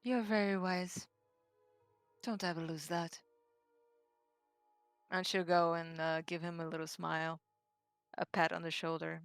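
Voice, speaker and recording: A woman narrating and speaking for her character in a tabletop game, in a gentle, soft manner. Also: on the low side, little pitch movement, unhurried, pauses often, smooth, no echo, soft background music.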